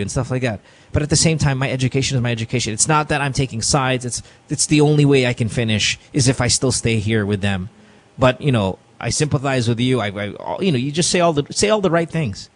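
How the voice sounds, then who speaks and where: A man hosting a call-in advice podcast, talking bluntly and profanely and acting out the caller's relatives in quick asides. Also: mid-range voice, lively intonation, slight background noise. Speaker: podcast host. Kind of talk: casual advice chat.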